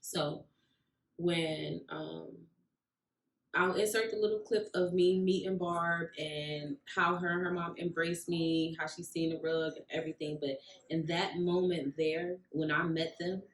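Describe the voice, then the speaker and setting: A woman tells her story in a casual vlog, acting out what each person said along the way. Her voice sits a bit low. The room around her is echoey. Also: unhurried, a little hiss or hum. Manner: animated storyteller, acts out quoted voices. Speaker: vlogger, rug maker.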